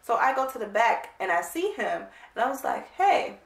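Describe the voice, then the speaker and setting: A woman vlogger telling a casual storytime, animated, blunt and emphatic. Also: fairly high pitch, a little fast, vocal fry. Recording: roomy, distant mic.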